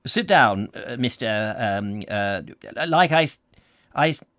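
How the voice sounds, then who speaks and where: A man's voice: fairly low pitch, animated, takes it slowly, fairly bright tone, no echo, studio quality. A man doing a harassed little music publisher. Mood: brisk. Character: small harassed bald music publisher, brisk.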